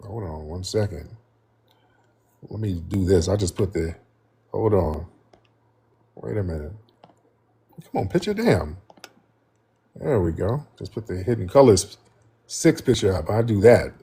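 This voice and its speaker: Male live stream host, casual, joking, husky tone. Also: low voice, lively intonation, measured pace, pauses often, dark tone. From United States. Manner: chatty, joking, talks to his viewers.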